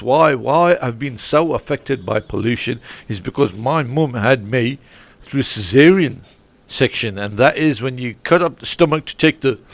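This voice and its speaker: A man's voice: medium pitch, vocal fry, no room sound. A man coaching a sports academy, telling a long meandering story on a podcast with many restarts and digressions. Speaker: football and rugby coach. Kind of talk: rambling anecdotal podcast chat. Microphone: podcast microphone.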